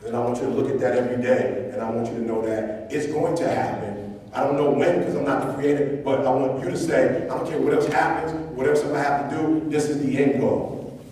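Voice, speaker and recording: Fiery motivational speaker in an echoing hall. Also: male voice, mid-range voice, fairly even intonation, fairly quick. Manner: preaching, repetitive, rises to near-shouting emphasis. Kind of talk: live motivational talk to students. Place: large hall with a live audience. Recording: echoey hall, mic at a distance.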